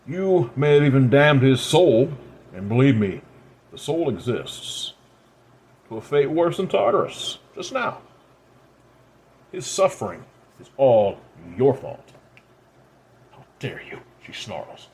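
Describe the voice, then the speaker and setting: A man voicing a stern, ancient father who solemnly lectures his disobedient daughter in a measured, grave manner, speaking a little higher and louder than his narration. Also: big pitch swings. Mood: stern lecturing.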